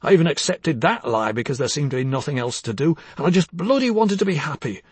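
Man voicing a bitter, bullying husband, husky, slightly high, for a dramatic audiobook. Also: sing-song, fast, no room sound. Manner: bitter, accusing, swings from hushed to harsh. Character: bitter, jealous older husband, bullying and weary.

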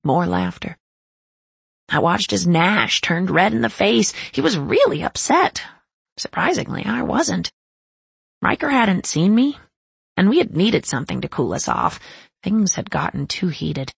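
A woman narrating a first-person romance story in a soft, intimate reading voice. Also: lowish voice, big pitch swings, measured pace, gravelly, slightly rough, dry recording. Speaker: audiobook narrator.

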